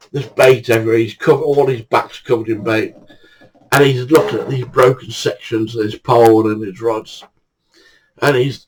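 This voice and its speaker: A man's voice: mid-range voice, rough recording. An older man telling true stories in a chatty way, often breaking into laughter. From England. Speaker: storyteller. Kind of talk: casual anecdote telling.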